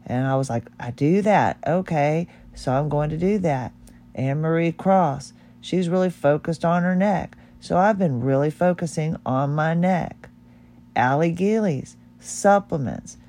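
A woman's voice: low-pitched, a little slow, warm tone. A middle-aged woman hosting her own podcast, talking in a heartfelt, rambling and candid way. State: tearful. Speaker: podcast host. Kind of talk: personal podcast monologue.

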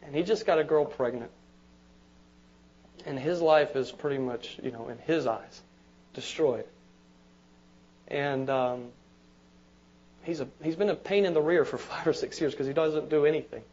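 Man, pastor, conversational sermon, high voice, repeats words, asks amen, dull lo-fi recording. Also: measured pace, pauses often, a little mellow.

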